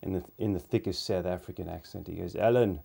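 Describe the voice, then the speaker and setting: A man's voice: low-pitched, little pitch movement, fast talker, gravelly, dark tone, breathy edge. A man, telling rambling anecdotes in a casual, easygoing podcast chat.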